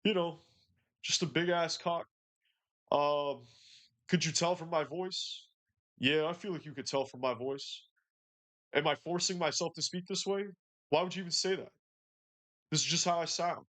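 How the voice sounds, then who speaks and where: A boastful macho man , played by a man in a mock impression, forces his tone to sound tough while he brags. The delivery drips with exaggerated swagger and sits a little high. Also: steady tone, moderate pace, long pauses, a bit bright, close to an everyday voice.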